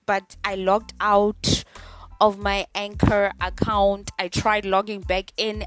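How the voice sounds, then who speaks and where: Young female podcast host, animated and dramatic, casual swearing chat. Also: medium pitch.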